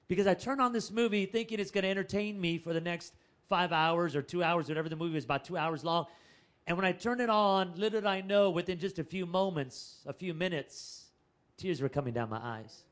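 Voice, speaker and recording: Male pastor, high voice, chatty storyteller, animated, calls out to the congregation. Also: fairly quick. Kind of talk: storytelling sermon.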